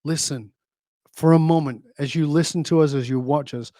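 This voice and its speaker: A man's voice: fairly high pitch, steady tone, moderate pace, dark tone, dry recording, studio quality. A man being interviewed as a leadership speaker, talking emphatically, telling stories and asking rhetorical questions. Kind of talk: conversational interview.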